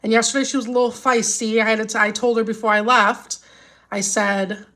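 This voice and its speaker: A woman's voice: fairly high pitch, flat delivery, brisk, fairly bright tone. A woman and mother chatting casually with viewers, worried and rambling with many restarts, upset and near tears. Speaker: vlogger. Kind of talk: casual live chat with viewers.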